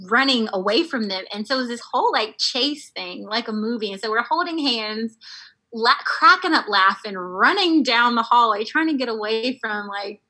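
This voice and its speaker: A woman guest telling a personal story in a casual, animated way, laughing often and using lots of fillers. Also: a little high, breathy edge, low-quality recording. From United States.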